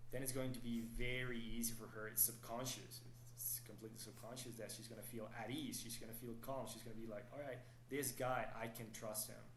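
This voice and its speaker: A man's voice: medium pitch, roomy sound, slight background noise, rough recording. A man who works as a dating coach, explaining his methods steadily in a podcast interview and often checking in with "right?".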